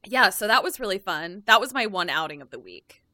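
Woman podcast co-host, casual banter, sharp bright tone, bouncy pitch. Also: sing-song, fairly quick, dry recording. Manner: chatty, playful, fillers. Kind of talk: casual chat.

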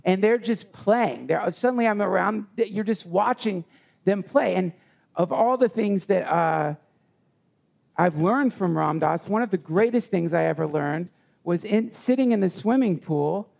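A man telling a personal story in conversation, earnest and halting with many restarts. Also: high voice, vocal fry, darkish tone. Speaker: guest.

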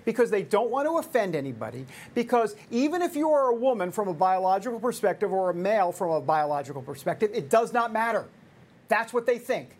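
A woman's voice: medium pitch, sing-song, a little fast, a little mellow. A woman in her fifties hosting a talk show, giving opinionated commentary with sarcastic, jokey asides. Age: 50s.

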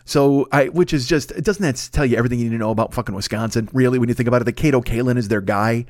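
A man in his fifties, a podcast host rambling through a profane, animated casual monologue. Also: mid-range voice, rapid-fire, no room sound, studio quality. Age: 50s.

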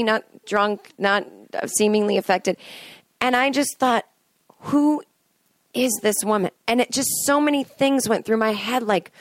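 A woman's voice: fairly high pitch, dry recording. A woman hosting a podcast, talking in a chatty, digressive solo monologue and breaking into sung snippets and acted-out voices. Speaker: podcast host. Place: in bed at home.

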